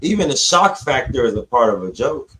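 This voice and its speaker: A man's voice: mid-range voice, fairly quick, noisy background. Male co-host, 30s, mid-range voice, emphatic and joking, podcast banter. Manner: animated, emphatic, joking asides. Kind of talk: casual podcast chat.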